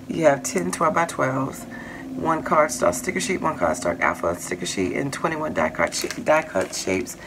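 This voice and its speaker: Low, gravelly-voiced woman chatting on a haul video. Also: lively intonation, moderate pace, noisy background. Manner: chatty, rambling, lists items with many fillers. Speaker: crafting channel host. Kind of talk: casual haul vlog.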